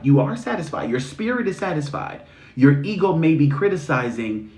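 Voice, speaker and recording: A man hosting a live stream, delivering a blunt, sweary motivational rant full of rhetorical questions, swinging into mocking high voices. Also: darkish tone. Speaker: spiritual reader and live-stream host. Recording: roomy echo.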